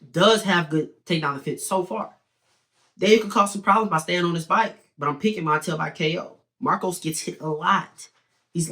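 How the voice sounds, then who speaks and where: A young man giving opinionated, animated fight predictions in a casual video commentary. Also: a little high. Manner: opinionated, animated, talks in quick bursts with restarts. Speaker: sports betting and fight prediction host.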